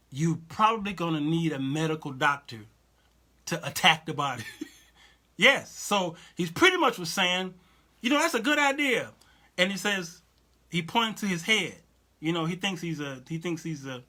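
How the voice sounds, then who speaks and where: A man hosting a Christian talk show, commenting casually, often repeating himself and checking that listeners follow him. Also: on the high side. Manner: animated, repetitive, asks listeners "you understand what I'm saying?"; reads and answers viewer comments aloud.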